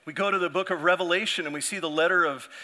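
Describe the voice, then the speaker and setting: A man's voice: high voice, fairly even intonation, fast talker, bright, forceful tone. A male pastor preaching a sermon in a conversational way, often restarting his sentences and acting out the people he quotes.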